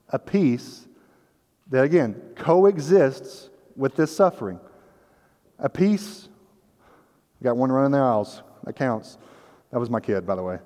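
A man with a slightly high, darkish voice preaches a sermon as a church pastor, sounding earnest and conversational. He sometimes acts out the voices of the story's characters, and the sanctuary gives the recording a long hall reverb.

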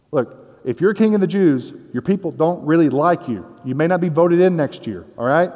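A man's voice: on the high side, animated, moderate pace, few pauses, mellow. A man preaching a conversational sermon, explaining scripture in a casual, explanatory way with playful asides. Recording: long hall reverb.

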